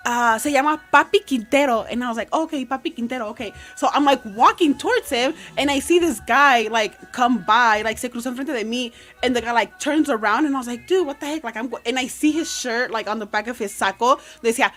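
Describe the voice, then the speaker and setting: Woman, casual storytelling, filler-heavy, slightly high voice. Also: brisk, few pauses, fairly bright tone, soft background music. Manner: chatty, code-switching anecdotes with many fillers. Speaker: guest.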